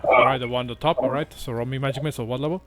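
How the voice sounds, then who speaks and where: A man's voice: medium pitch, fairly even intonation, music in the background. A man running a tabletop game as game master, narrating with frequent hesitations. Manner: halting, many "uh" fillers.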